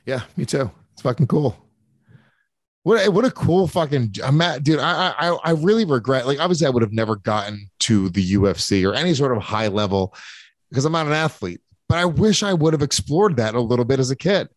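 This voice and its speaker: A man's voice: mid-range voice, lively intonation, brisk, dry recording. Rambling, profane male podcast host. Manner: rambling, profane, stammering restarts. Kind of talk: casual podcast chat.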